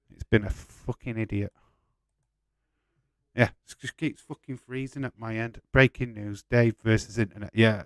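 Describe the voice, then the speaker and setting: A man's voice: on the low side, no echo. A man hosting a live watch-along stream, chatting casually, swearing freely and laughing while he reads viewer comments.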